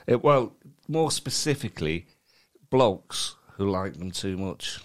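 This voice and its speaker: A man's voice: on the low side, animated, slow. A man co-hosting a casual comedy podcast, rambling and reading a news story aloud with wry asides. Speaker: podcast co-host.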